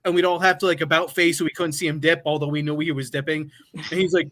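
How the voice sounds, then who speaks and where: Slightly high-voiced, swearing podcast host. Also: male voice, flat delivery, fast talker, a bit bright. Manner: loose, profane, laughing reminiscing. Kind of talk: casual podcast chat.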